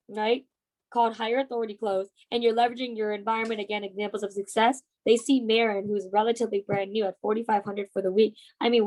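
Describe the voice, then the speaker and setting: A woman's voice: a little high, a little mellow, low-quality recording. A woman in her twenties leading a motivational team training talk, emphatic and coaxing, often checking in with "right?". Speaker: team leader and sales trainer.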